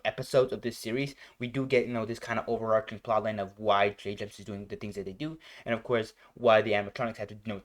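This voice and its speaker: A young man hosting a reaction video, chatting casually and rambling with lots of filler words. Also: fairly low pitch. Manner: rambling, full of "like" and "you know".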